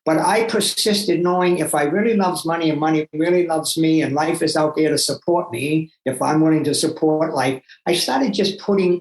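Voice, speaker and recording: An older man from Massachusetts, a guest telling his own story in an animated, emphatic way with asides to himself. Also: a little high. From Massachusetts, USA. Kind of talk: personal storytelling. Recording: roomy echo.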